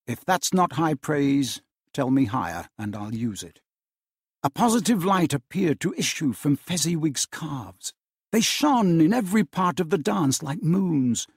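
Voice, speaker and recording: Husky man reading with lively expression. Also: fairly high pitch, no echo, studio quality. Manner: animated, theatrical storytelling. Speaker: teacher reading aloud.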